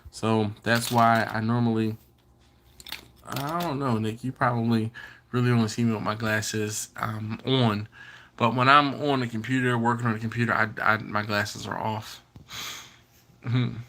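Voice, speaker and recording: Male stream host, bright voice, casual and teasing while reading chat aloud. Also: medium pitch, steady tone, unhurried. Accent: Maryland. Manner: chatty, reads out viewer comments and teases them. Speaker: BBQ channel host. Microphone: computer or phone setup.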